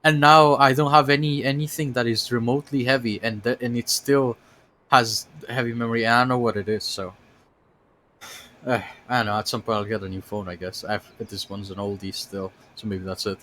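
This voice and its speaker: A man's voice: mid-range voice, steady tone, brisk, bright, forceful tone, slight background noise. A man streaming a video game, chatting casually and rambling through his thoughts. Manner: rambling, full of fillers and restarts. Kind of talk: casual gaming commentary.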